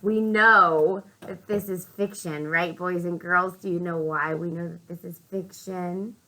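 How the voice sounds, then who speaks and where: A woman librarian reading a picture book aloud to young children, speaking slowly and expressively, asking the children questions and whispering for suspense. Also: fairly low pitch, steady tone, pushed and bright, low-quality recording.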